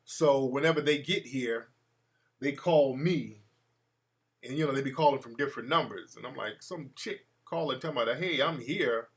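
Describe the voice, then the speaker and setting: A man's voice: medium pitch, normal speed. A man hosting his own show, talking straight to his audience in an emphatic, profane commentary monologue. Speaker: show host. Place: home room with a fan.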